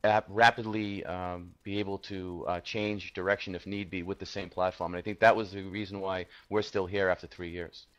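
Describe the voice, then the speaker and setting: Deep-voiced founder, halting and filler-heavy. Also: male voice, level tone. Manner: halting, many fillers and restarts. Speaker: startup founder pitching. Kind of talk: answering questions on a video call. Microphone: video call. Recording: dull lo-fi video call audio.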